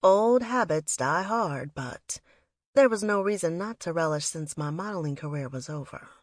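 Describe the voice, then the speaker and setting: Woman narrating a story, low and dry. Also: lively intonation, normal speed, no echo. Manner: reflective, wistful storytelling. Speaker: audiobook narrator. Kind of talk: first-person scripted narration.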